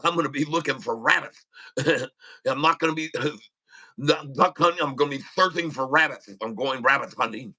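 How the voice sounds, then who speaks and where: A man's voice: mid-range voice, normal speed, pushed and bright, rough recording. A man with a lisp, chatting casually and joking on a live trading stream, laughing often. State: lisping. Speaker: day trader livestreaming.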